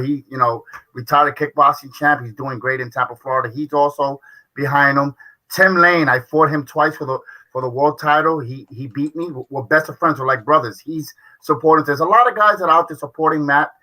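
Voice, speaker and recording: Retired kickboxer guy rambling on earnestly, bright sharp voice. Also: on the high side, fairly quick, rough recording. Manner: rambling, earnest, name-dropping. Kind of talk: casual chat on a video call show.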